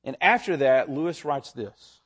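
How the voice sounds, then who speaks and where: A male pastor delivering a sermon, with a voice pitched a little high for a man. He is expressive, speeding up and slowing down and lifting his pitch to stress key ideas. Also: slightly rough. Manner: expressive, varies pitch and pace for emphasis.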